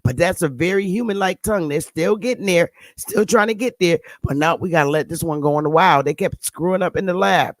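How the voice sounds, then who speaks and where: A woman's voice: on the low side, a little fast, hardly any pauses, no room sound. A woman hosting her channel, giving blunt, sarcastic casual commentary on pictures and scolding her viewers. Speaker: channel host.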